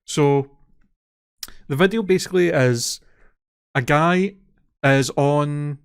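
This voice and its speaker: A podcast co-host chats casually, telling a story and cursing liberally as he gets riled up. His voice sits a little high and has vocal fry along with a clear, resonant tone, and he speaks slowly.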